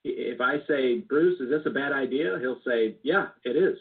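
A man's voice: mid-range voice, normal speed, slightly rough. A man talking as a guest in a casual interview, earnest and reflective, sometimes restarting his sentences. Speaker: business club founder, guest. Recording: tinny phone-like line.

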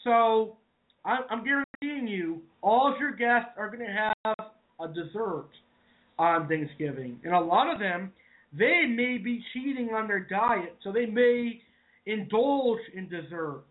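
High-voiced New man, tinny audio. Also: expressive, a little slow. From Massachusetts, New England. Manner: chatty, addresses viewers as folks. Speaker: cooking show host. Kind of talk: casual online show talk.

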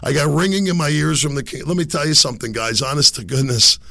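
Hoarse, gravelly-voiced man podcasting. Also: a little high, fast talker, sharp tone, dry recording. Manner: rambling, self-amused, laughs at own jokes. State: hoarse, sick voice. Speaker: podcast host. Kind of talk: casual solo podcast monologue. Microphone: desk microphone.

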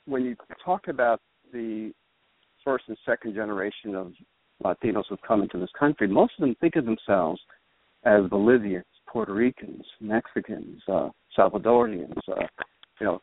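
A man, a political theorist as guest, explaining in a measured way and often checking with "right?". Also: fairly low pitch, expressive. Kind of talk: explanatory interview talk. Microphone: phone. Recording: tinny dry phone line.

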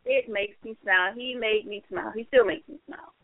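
A woman's voice: medium pitch, fairly quick, dry recording. A woman co-hosting a casual chat, gushing and repeating phrases, often laughing. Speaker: co-host. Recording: tinny phone line, dry.

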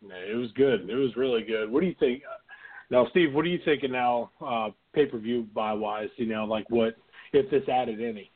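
A man's voice: medium pitch, normal speed, breathy edge. A man hosting a casual combat sports podcast, easygoing and chuckling as he talks. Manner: easygoing, chuckling, many fillers. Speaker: host. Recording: phone-like narrow sound.

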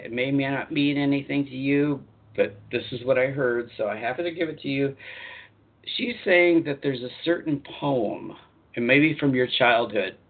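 A man working as a spiritual life coach, hosting a live online talk show in a chatty, repetitive way with lively emphasis. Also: mid-range voice, vocal fry, husky, narrow, tinny audio.

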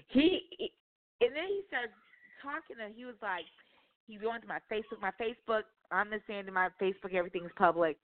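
A woman's voice: mid-range voice, moderate pace, pauses often, slight background noise. A woman telling a dating story on talk radio, profane and exasperated. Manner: profane, exasperated, animated retelling. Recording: phone-line call.

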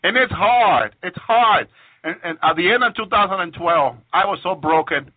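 A man's voice: high voice, expressive, moderate pace, no room sound. A man, preaching a fervent, repetitive testimony sermon and often breaking into praise. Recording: tinny dry phone-like radio broadcast.

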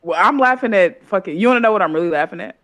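A man co-hosts a casual live show, talking fast, blunt and joking, with plenty of swearing. His voice sits a little high, and the recording is dry and close. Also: expressive, a bit bright, no echo. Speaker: podcast co-host.

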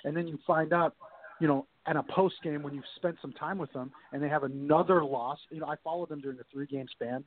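A man's voice: a little high, a little fast. A man, a sports documentary producer, telling stories on a talk show and acting out quoted dialogue. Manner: animated, acts out quoted dialogue. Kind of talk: casual storytelling interview. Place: phone call-in to a talk show. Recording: tinny phone line.

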